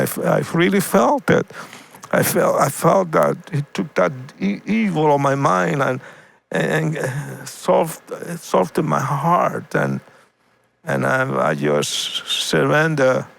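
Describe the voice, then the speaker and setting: Speaking with deep emotion, this male evangelist guest recounts his testimony in halting fashion, often restarting and repeating words. There's vocal fry in his voice.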